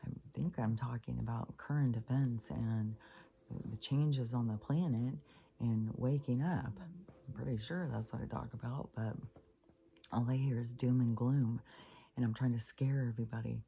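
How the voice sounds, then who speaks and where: A woman's voice: rumbling low, moderate pace, vocal fry, dark tone. An older woman venting in a rambling personal monologue for her spiritual vlog, swearing freely as she talks. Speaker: spiritual vlogger.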